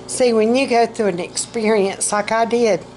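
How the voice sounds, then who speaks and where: A woman's voice: fairly high pitch, steady tone, moderate pace, a little mellow, slight background noise, rough recording. A middle-aged woman, vlogging casually about her health, rambling and self-mocking, and short of breath.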